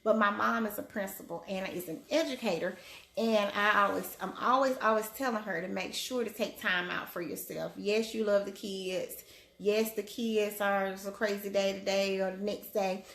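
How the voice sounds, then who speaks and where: Woman, family doctor, casual live-stream chat, greets viewers by name, medium pitch, echoey room. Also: steady tone, moderate pace. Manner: chatty, greets viewers by name in a high bright voice. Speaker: family medicine physician hosting a live stream. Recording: roomy echo.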